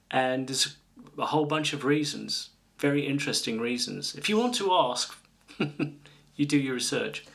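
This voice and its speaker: A man's voice: medium pitch, animated, normal speed, gravelly, sharp tone. Sweary man co-hosting. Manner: sweary, teasing. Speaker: podcast co-host. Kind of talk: bickering casual chat.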